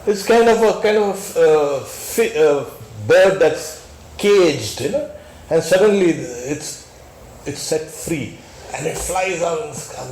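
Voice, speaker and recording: A man leads a scripture class as a swami, speaking slowly and deliberately, often breaking into emphatic exclamations. His voice sits at a middle pitch. The recording echoes around a temple hall with faint background noise. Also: darkish tone. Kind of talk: scripture lecture.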